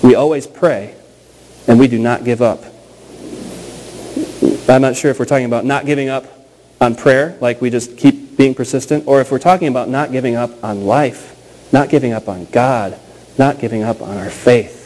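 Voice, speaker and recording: Pastor guy in his 30s preaching, chatty storyteller, mid pitch, slows down to repeat the big points, bit of faint noise behind. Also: darkish tone, low-quality recording. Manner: conversational storytelling, slows and repeats key phrases for emphasis. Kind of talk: sermon.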